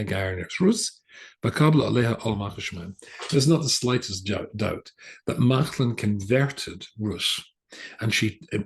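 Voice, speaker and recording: An older rabbi teaching a class, his low voice gravelly with fry. He talks in a relaxed, storytelling way, pausing on fillers and restarting his sentences as he goes. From England. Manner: chatty, hesitant with many fillers and restarts. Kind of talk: storytelling lecture.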